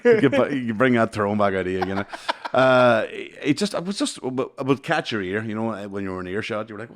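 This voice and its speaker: A man's voice: on the low side, expressive, a little fast. A Northern Irish man in his thirties telling stories in a casual, sweary chat, laughing often. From Northern Ireland. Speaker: podcast host.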